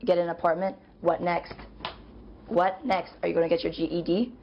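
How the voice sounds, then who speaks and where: A woman's voice: lowish voice, flat delivery, moderate pace. A woman confronting a roommate, lecturing her about responsibility and priorities. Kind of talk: heated confrontation. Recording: dull lo-fi clip with faint noise.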